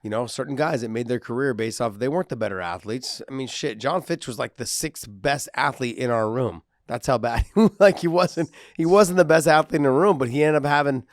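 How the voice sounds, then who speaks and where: A man's voice: mid-range voice, a little fast, hardly any pauses, dry recording, clean studio sound. A man, a podcast co-host and former fighter, telling fight stories in casual chat, swearing freely and acting out what people said. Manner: profane storyteller, acts out quotes.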